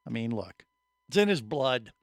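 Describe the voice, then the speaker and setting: A man's voice: medium pitch, sing-song, normal speed, dry recording, clean studio sound. A man hosting a live podcast in a jovial, chatty way, introducing guests and plugging events. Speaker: podcast host.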